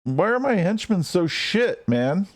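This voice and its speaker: A man's voice: sits high, big pitch swings, measured pace. A man streaming gameplay live, ranting and swearing at the game as he plays. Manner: frustrated, swearing, rants at the game.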